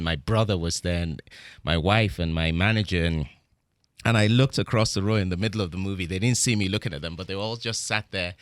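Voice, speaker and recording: A man's voice: low-pitched, a bit bright, clear, resonant tone, no echo. A middle-aged man with a British accent, talking reflectively as a guest in a casual interview, often restarting his sentences. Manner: reflective, with frequent restarts and "you know". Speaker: guest actor.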